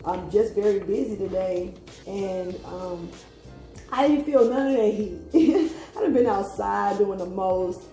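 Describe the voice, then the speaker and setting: A woman's voice: medium pitch, unhurried, mellow. A woman giving a casual tarot reading who talks bluntly, swears freely, laughs often and trails off into fillers. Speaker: tarot reader. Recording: echoey room with faint music.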